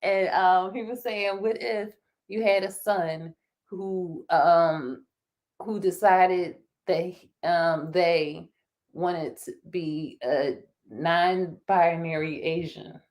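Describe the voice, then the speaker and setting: A woman co-hosting a casual podcast chat, animated, laughing often and restarting her words. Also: fairly low pitch, very slow. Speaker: podcast co-host.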